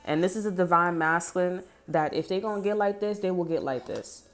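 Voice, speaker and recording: A woman's voice: on the low side, fairly quick, faint music behind. A woman giving a casual spoken tarot reading, blunt, heated and full of swearing. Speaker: tarot reader.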